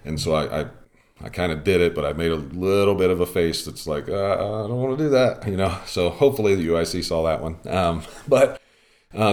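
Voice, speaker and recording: A man hosting a podcast, chatting casually and telling a rambling umpiring story with lots of ums and uhs. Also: extremely low pitch. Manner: rambling storytelling with many fillers. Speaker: podcast host and softball umpire.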